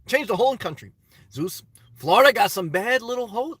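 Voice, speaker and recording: A man's voice: very high-pitched, lively intonation, brisk, pushed and bright, husky, dry recording. A man livestreaming from inside his car, giving a joking mock-solemn presidential address and laughing often.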